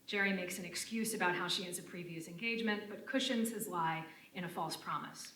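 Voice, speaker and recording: Lower-voiced woman reading a lecture, roomy. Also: bright, forceful tone. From United States (Connecticut). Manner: measured, formal delivery of written prose. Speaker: lecturer presenting a paper. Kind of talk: reading a prepared academic lecture. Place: university lecture room. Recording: roomy and distant lecture-room sound.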